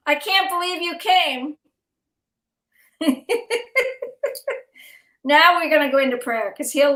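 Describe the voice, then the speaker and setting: An exhausted woman hosts over a video call, rambling warmly and laughing between thoughts. Her voice sits a little high, and the sound is roomy with a noticeable echo. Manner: rambling, emotional, laughs often. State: exhausted, overtired. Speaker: host of a live online event. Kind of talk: casual heartfelt chat.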